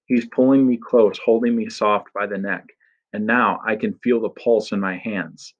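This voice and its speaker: A man's voice: lowish voice, fairly even intonation, moderate pace. A man narrating an audiobook in the first person, with an intense, dramatic reading in a slightly muffled recording.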